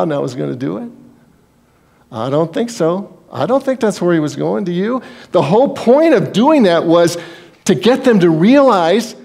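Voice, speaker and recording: Emphatic higher-voiced male preacher. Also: very animated, moderate pace, vocal fry. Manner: emphatic, rhetorical questions, swings between loud and hushed. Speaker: pastor. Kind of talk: sermon.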